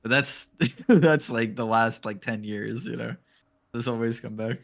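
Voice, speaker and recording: A man's voice: medium pitch, unhurried, gravelly. A man co-casting an amateur esports league on a live stream, joking and telling teasing stories about friends. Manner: joking, tells teasing anecdotes. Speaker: esports co-caster. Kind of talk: casual live-stream banter.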